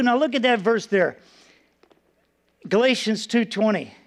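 A man preaching a sermon, telling a personal testimony in an earnest storytelling way and dropping soft and low for solemn moments. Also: lively intonation, unhurried, long pauses.

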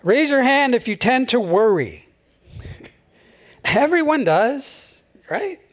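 A male pastor preaching a sermon in a relaxed, conversational way, chuckling often between phrases at a church service. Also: extremely high pitch, slow pace.

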